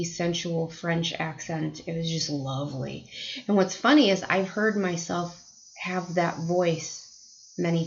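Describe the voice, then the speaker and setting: A woman's voice: lowish voice, vocal fry, dull audio, a little hiss or hum. An American woman telling a personal spiritual story to camera in a chatty, reflective way. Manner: chatty, reflective, many fillers. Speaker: spiritual vlogger.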